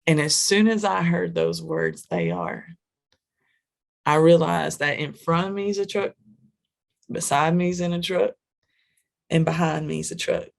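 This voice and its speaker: A woman's voice: on the low side, lively intonation, normal speed, gravelly. A woman telling a personal story in a podcast interview, vivid, repetitive and emphatic. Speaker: guest, trucking wellness business owner.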